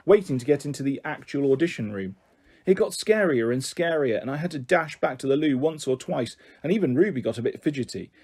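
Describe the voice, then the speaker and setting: A man reading a children's novel aloud in a gentle first-person narration. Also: mid-range voice, breathy edge. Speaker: storyteller.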